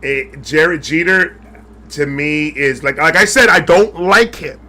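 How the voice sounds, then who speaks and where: A man's voice: on the high side, a little slow, sharp tone. A man co-hosting a podcast, chatting casually about sports in a joking, profane, slangy way. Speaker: podcast co-host. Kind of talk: casual chat.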